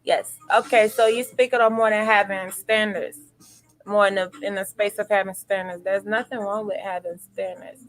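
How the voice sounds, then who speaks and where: A woman hosting a live stream, reading out viewer comments and reflecting on them in a relaxed, affirming way. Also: medium pitch, moderate pace, faint music behind, rough recording. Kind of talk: casual chat.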